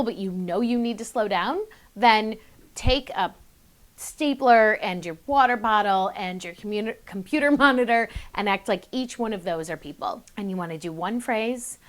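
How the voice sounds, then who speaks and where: Chatty, upbeat young woman coach. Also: medium pitch. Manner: chatty and upbeat, with quick bursts and self-aware asides. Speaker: public speaking coach. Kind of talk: casual to-camera tips video.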